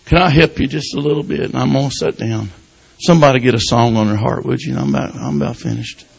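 Gravelly preacher, folksy. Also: male voice, medium pitch, fast, rough recording. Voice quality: gravelly, husky. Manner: folksy, breaks in with hallelujahs, swings from loud to hushed. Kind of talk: informal country sermon.

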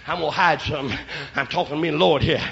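Preacher man, bright sharp voice, hollers then goes quiet and chatty, muffled old tape sound. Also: a little high, a little fast, creaky. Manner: shouting in bursts, then dropping to quiet asides. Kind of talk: revival sermon with testimony. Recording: lo-fi church recording.

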